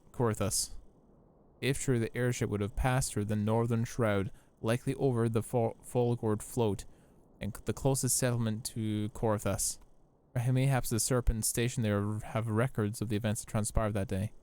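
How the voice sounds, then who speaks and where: A man's voice: lowish voice, darkish tone, smooth, lightly acted. A man reading a formal old priest. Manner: measured, formal, stumbling over names. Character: gentle elderly male priest giving counsel. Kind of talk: reading game dialogue aloud.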